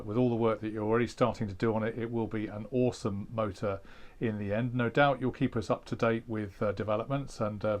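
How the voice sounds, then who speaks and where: Cheerful male channel host. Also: lowish voice. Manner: cheerful, upbeat, thanking viewers. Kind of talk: enthusiastic channel outro.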